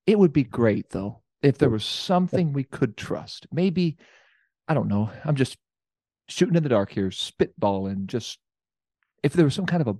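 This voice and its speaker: A man's voice: mid-range voice, lively intonation, moderate pace, warm tone, no room sound. Male podcast co-host, playful banter, dry recording. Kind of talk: casual chat.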